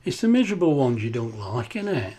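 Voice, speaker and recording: Older bloke, home cooking vlogger, chatty and rambling, mid-pitched. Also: male voice, big pitch swings, a little fast, warm tone, a little hiss or hum. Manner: chatty, rambling anecdotes, laughs often. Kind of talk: casual kitchen vlog chat.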